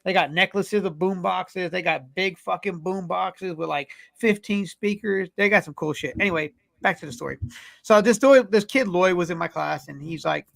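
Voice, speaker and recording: A man's voice: high-pitched, normal speed, creaky, a bit bright. A man co-hosting a podcast, telling a rambling, profane story in casual chat. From California. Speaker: podcast co-host.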